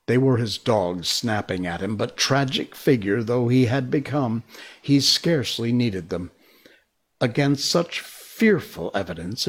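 A man reading a storybook aloud in a slow, expressive way. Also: medium pitch, breathy edge.

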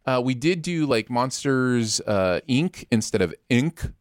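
A man's voice: mid-range voice, lively intonation, unhurried, dry recording, clean studio sound. A man hosting a casual podcast, rambling with many fillers and restarts. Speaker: podcast host.

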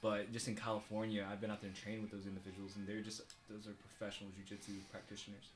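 A young man in casual chat about fighting, relaxed, swearing and laughing freely. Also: fairly low pitch, racing. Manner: laid-back, swears freely, laughs often. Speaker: podcast co-host, jiu-jitsu practitioner.

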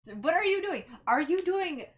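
A woman playing in a tabletop game, excitable and quick to argue rules. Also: extremely high pitch. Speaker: player. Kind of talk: casual tabletop banter.

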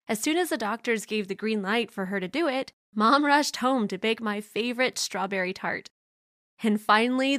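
Measured young woman narrating, dry sound. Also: fairly high pitch, dry recording. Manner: even, measured reading. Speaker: storyteller. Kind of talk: scripted first-person narration.

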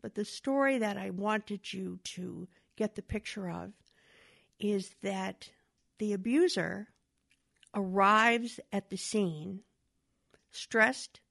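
A woman lecturing through an illustrative story. Her delivery is animated, and her voice swings widely as she narrates. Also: medium pitch, slow, creaky. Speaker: speaker on domestic violence.

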